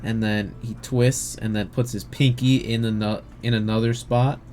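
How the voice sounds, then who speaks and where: A man narrating as game master in a relaxed, halting way. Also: on the low side, faint music behind. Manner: relaxed, hesitant with fillers.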